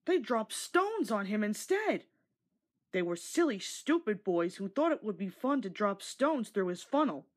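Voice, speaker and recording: Breathy woman reading a storybook aloud. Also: mid-range voice, unhurried. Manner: expressive, gentle storytelling. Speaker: storybook narrator. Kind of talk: storybook read-along.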